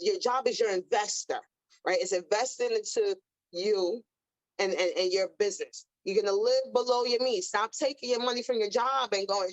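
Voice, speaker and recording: A woman's voice: mid-range voice, no echo. Dry, muffled woman coaching on money. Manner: coaching, emphatic, tag questions. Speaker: podcast host. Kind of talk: casual motivational talk.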